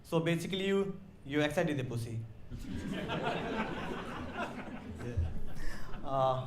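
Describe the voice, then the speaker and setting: Man, Indian accent, stand-up comic, slow deadpan delivery, crude punchlines, roomy live club. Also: on the high side, over a noisy crowd, very noisy. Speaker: stand-up comedian. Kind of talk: stand-up comedy set. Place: comedy club stage with a live audience.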